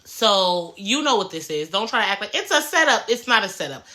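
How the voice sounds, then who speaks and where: A woman's voice: mid-range voice, sing-song, a little fast, sharp tone, rough recording. A woman giving blunt, profane, sassy commentary on a reality show in a casual chat.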